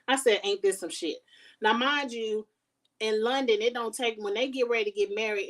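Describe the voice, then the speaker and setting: A woman talks through a show in a loose, animated recap, blunt and full of profanity. Her voice sits in the middle range. She is set back from the microphone, so she sounds slightly distant. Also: mid-range voice. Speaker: TV show reviewer. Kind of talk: casual recap chat.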